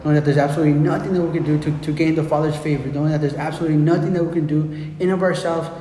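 Earnest preacher in an echoey hall. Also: male voice, fairly high pitch, fairly even intonation, very fast, mellow, slight background noise. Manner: earnest, repetitive, many restarts. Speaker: pastor. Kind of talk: sermon. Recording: echoey hall with faint ambience.

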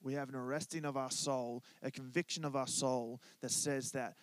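Male pastor, relaxed joking sermon, dry close-miked voice. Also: mid-range voice, normal speed, few pauses, no echo. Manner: conversational, joking, asks congregation to respond. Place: church.

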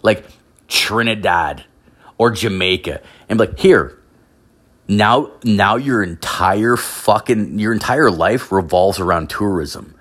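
Low-voiced man in a profane rant. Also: unhurried, fairly bright tone. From Canada. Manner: rambling, heavy swearing, constant "like" fillers.

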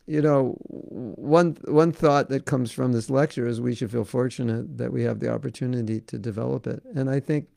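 A man's voice: mid-range voice, fairly even intonation, normal speed, gravelly, few pauses, a little mellow, no room sound, studio quality. A man giving a devotional talk as a spiritual teacher, earnest and repetitive, often saying "you know", then taking viewer questions.

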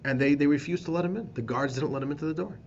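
A man, a rabbi teaching a class, telling a story with animated emphasis and repeated phrases. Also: fairly high pitch, very fast, highs cut off, a little hiss or hum. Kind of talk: storytelling lesson.

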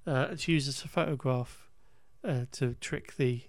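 A man's voice: medium pitch, unhurried, no echo. A man co-hosting a podcast, chatting casually through a film recap with frequent restarts and laughter. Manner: rambling, self-correcting, laughs often. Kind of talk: casual chat.

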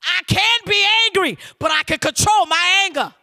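A middle-aged male preacher with a very high, piercing voice and a sharp, forceful edge. He preaches in church, shouting and calling for the congregation to answer him, doubling back on words in a fervent rhythm. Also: moderate pace. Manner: shouting, urging call-and-response. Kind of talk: sermon.

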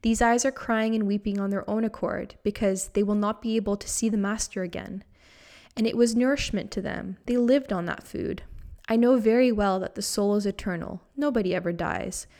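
A woman voicing an enlightened male master who calmly explains his own weeping in an earnest storyteller's way. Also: medium pitch, normal speed, lightly acted.

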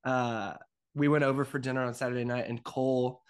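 A man's voice: mid-range voice, flat delivery, brisk, smooth. A young man co-hosting a casual podcast, easygoing and joking in his banter. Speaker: podcast co-host. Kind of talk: casual chat.

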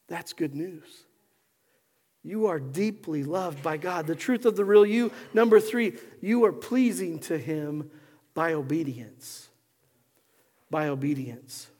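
A man preaching a sermon as pastor, moving between hushed, slow passages and loud, fiery ones. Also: high voice. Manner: impassioned preacher, swings from hushed to shouting. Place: church sanctuary. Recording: long hall reverb.

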